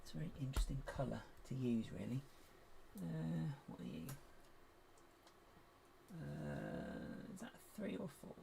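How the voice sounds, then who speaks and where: A man's voice: medium pitch, lively intonation, a little fast, creaky, dark tone, a little hiss or hum. A man chatting casually while building with LEGO, muttering to himself as he sorts bricks, his voice going cracky. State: voice going cracky, needs a drink. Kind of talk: casual live build commentary.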